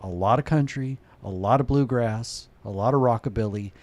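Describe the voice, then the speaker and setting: A man's voice: mid-range voice, moderate pace. Dry-witted man, podcast host. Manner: dry, deadpan wit. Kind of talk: casual interview banter.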